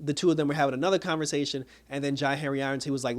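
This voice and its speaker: Guy doing a casual tv recap, slightly high voice, gets worked up and laughs a lot. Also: very fast, few pauses. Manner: animated retelling, acts out quotes, laughs at the plot. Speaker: TV show reviewer.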